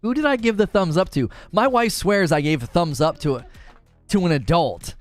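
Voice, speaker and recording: A man hosting a casual live stream, animated and jokey, often yelling. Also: a little high, moderate pace, no room sound, soft background music.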